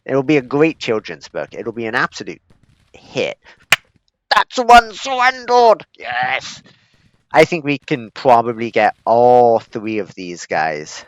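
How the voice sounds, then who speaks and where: A man's voice: medium pitch, expressive, moderate pace, few pauses, dry recording. A man giving casual, joking gameplay commentary as a streamer, chuckling and talking to his units. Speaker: gaming streamer. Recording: dull lo-fi mic.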